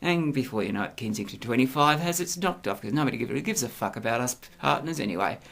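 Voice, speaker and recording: A middle-aged man ranting in a sarcastic, crude monologue, swinging between mutters and loud outbursts. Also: medium pitch, animated, fast, vocal fry. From Australia. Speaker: vlogger.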